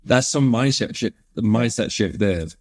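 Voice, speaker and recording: A male interviewer with a fairly low voice asks long, meandering questions, often restarting mid-sentence. The recording is dry and close, with no room sound. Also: animated, moderate pace, a little mellow, no echo. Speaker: podcast interviewer.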